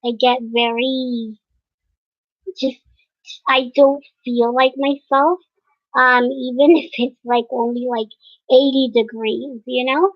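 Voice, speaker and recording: A young woman vlogging casually to camera, hesitant and pausing often with fillers. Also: high-pitched, fairly even intonation, no echo. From United States. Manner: hesitant, many fillers and pauses. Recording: dry, dull lo-fi sound.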